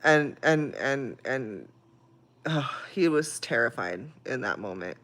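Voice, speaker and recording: A woman's voice: rumbling low, lively intonation, takes it slowly, fairly bright tone. A woman hosting a livestream in casual chat, swearing freely and laughing often as she tells an emotional story. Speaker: livestream host.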